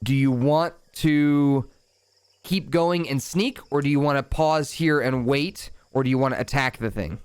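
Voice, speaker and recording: A man narrating a tabletop game as dungeon master, setting scenes calmly and chatting casually between rolls. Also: mid-range voice, a little slow, smooth, no echo. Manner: calm, descriptive scene-setting with casual asides.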